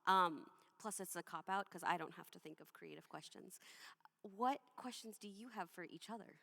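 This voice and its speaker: A woman hosts the question period of a poetry panel in an even, mid-pitched voice. She is friendly and pokes a little fun at herself. Her words echo with the long reverb of a conference hall. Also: moderate pace, vocal fry. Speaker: moderator. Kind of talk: panel moderating.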